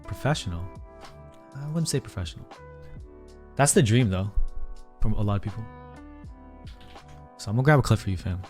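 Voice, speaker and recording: A man's voice: on the low side, lively intonation, normal speed, pauses often, darkish tone, soft background music. A man streaming live from a small room, chatting casually and rambling to his viewers, a little out of breath. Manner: chatty, rambling, talks to chat as "fam".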